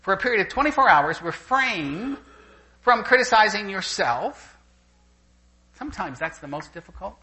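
An older man preaching a sermon to a congregation, telling anecdotes in an animated way and laughing as he goes. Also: high-pitched, normal speed, rough recording. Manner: animated storyteller who laughs through anecdotes. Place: church gathering with a live audience.

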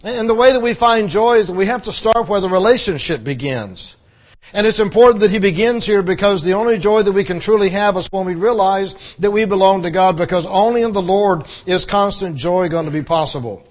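A man's voice: high-pitched, fairly quick. A male pastor preaching a conversational sermon, repeating phrases for emphasis.

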